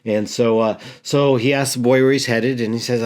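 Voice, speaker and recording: Halting man telling a sermon story. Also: mid-range voice, fairly even intonation, a little mellow. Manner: halting, repeats words, earnest. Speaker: pastor.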